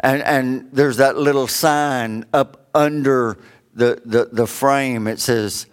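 A middle-aged man preaching a sermon, rising for emphasis and dropping low for joking asides. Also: steady tone, slow, clean tone. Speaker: pastor.

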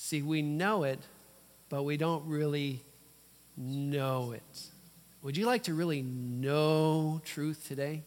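A male pastor preaching with emphatic, dramatic pauses and sudden loud bursts. His voice sits fairly high for a man, and a long reverb trails each phrase through the church. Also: fairly even intonation. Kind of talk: sermon.

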